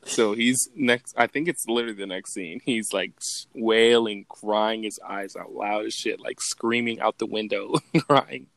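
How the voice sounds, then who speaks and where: A man's voice: lowish voice, unhurried, vocal fry, a bit bright, no room sound. Laughing man retelling movie quotes. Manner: laughs often, acts out quotes. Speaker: podcast co-host. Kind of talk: casual chat recapping movie quotes.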